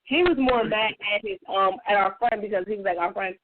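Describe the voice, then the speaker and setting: A woman on a radio talk show telling a personal story in a casual, profane, animated way. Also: a little fast, slight background noise. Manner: animated, profane, acts out quotes in a higher voice. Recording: tinny phone-like radio audio.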